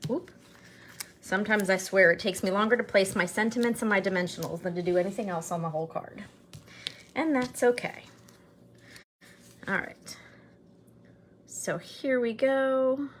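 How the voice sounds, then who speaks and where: A woman's voice: medium pitch, moderate pace, pauses often, slight background noise. A middle-aged woman chatting her way through a card-making demonstration in her home craft studio, upbeat and joking as she works. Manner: chatty, upbeat, jokes while working. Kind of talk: casual craft tutorial narration.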